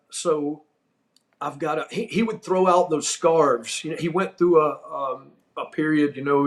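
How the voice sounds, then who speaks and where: A man, an older wrestling figure, telling a funny backstage story on his podcast, animated and laughing often. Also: fairly high pitch. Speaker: podcast host. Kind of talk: storytelling anecdote.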